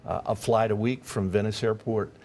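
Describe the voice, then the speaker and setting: A man who runs a mission flight charity, speaking earnestly and haltingly on a TV panel. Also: on the low side, fairly even intonation, darkish tone, a little hiss or hum. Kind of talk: TV panel discussion.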